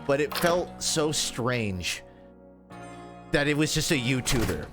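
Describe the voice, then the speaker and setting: A man's voice: mid-range voice, big pitch swings, slow pace, music in the background. A man streaming a video game, telling stories in a rambling, casual way with plenty of swearing. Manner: rambling, profane storytelling with laughs. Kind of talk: casual livestream chat while gaming.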